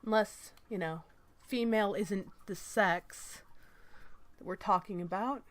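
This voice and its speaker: A woman's voice: medium pitch, measured pace. A woman reading an article aloud and commenting on it in a sarcastic, mock-innocent manner.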